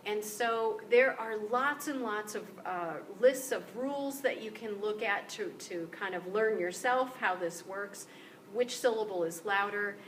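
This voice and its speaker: A woman teaching a recorded lecture on pronunciation, explaining step by step with many fillers and restarts. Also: medium pitch. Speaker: instructor. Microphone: screen-capture recording, mic at some distance. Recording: distant mic with faint background hiss.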